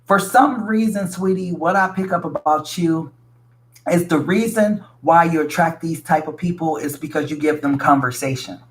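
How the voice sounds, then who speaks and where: A man's voice: fairly high pitch, moderate pace. A man giving a casual tarot reading to his viewers, talking bluntly and frankly, swearing freely and calling the listener sweetie. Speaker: tarot reader.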